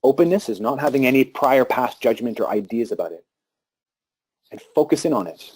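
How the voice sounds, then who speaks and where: A man giving a live talk to an audience about meditation and breathing, speaking calmly with pauses and restarts. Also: mid-range voice, slightly rough.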